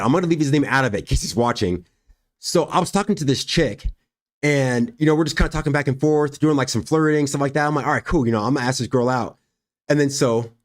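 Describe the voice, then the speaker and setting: Young guy on a stream telling a wild story, does all the voices, laughs a lot. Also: mid-range voice. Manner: animated, acts out quoted dialogue, laughs often. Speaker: livestream host and fighter. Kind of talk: casual storytelling on a livestream.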